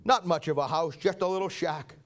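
A man's voice: on the high side, fairly quick. A male pastor narrating a story in a sermon with vivid detail.

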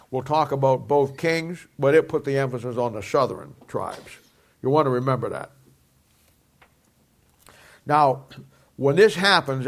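In a mid-range voice, a middle-aged preacher teaches from the Bible, stressing and repeating important phrases while occasionally softening.

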